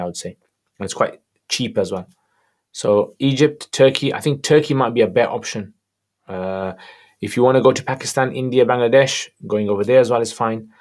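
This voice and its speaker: A man answering religious questions on a livestream, reading each viewer question aloud and replying in a casual, relaxed way. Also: on the low side, a little fast.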